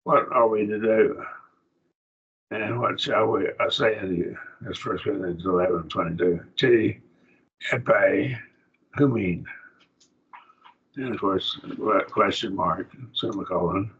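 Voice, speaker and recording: Slow, gravelly-voiced man teaching Greek. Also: lowish voice, a bit bright. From rural. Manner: slow, plainspoken, folksy. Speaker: preacher. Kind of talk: classroom grammar lesson. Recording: dull lo-fi classroom recording.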